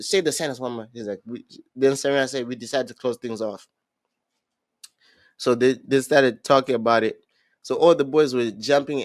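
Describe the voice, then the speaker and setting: A young man hosting a podcast, casually recapping a reality show and acting out what people said, with many halting restarts. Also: mid-range voice, no room sound. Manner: animated storyteller, acts out quotes, halting restarts. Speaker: podcast host.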